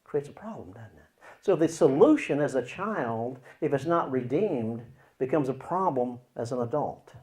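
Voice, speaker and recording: This Christian counselor's teaching is expressive, with acted examples that swing between loud and hushed. He talks at normal speed with a medium pitch.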